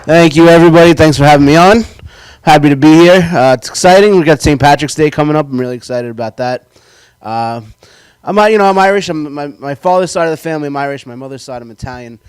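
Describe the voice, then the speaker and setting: A man doing a stand-up comedy set, telling loud, excitable, self-mocking stories. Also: on the high side, quick pace, clean tone, no echo. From New York.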